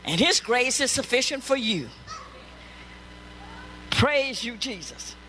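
Bright-voiced woman pastor preaching slowly. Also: on the high side, very animated, slight background noise, low-quality recording. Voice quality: emphatic preaching with repeated praise calls. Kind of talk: sermon.

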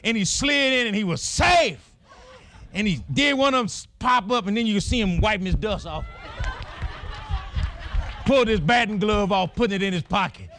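A man preaching a sermon as a pastor, with a dramatic storytelling manner that breaks into shouted exclamations. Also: high-pitched, animated, moderate pace, pauses often.

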